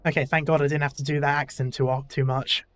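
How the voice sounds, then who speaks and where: A man's voice: medium pitch, level tone, quick pace, fairly bright tone, soft background music. A male gaming YouTuber reading a game's story dialogue aloud in a casual way, with self-deprecating asides.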